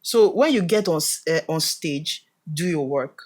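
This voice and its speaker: A man's voice: fairly high pitch, lively intonation, measured pace. A Nigerian man chats as a guest on a podcast. He tells his stories with animation and acts out other people's lines as he goes. He laughs often while he talks. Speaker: guest actor. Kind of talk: casual podcast interview. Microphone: podcast studio mic.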